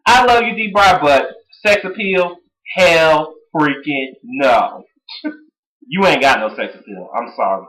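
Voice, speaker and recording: Man, fan review, excitable, chatty, fairly high voice. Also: low-quality recording. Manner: excitable, bursts into shouting and laughter, chatty with fillers. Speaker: wrestling show reviewer. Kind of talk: casual fan recap.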